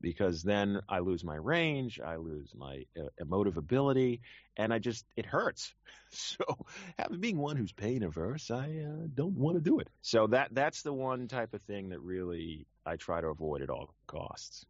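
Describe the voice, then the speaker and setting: Animated low-voiced voice actor. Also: male voice, normal speed, no room sound, muffled recording. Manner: animated, rambling with restarts. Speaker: professional voice actor. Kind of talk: casual conversation.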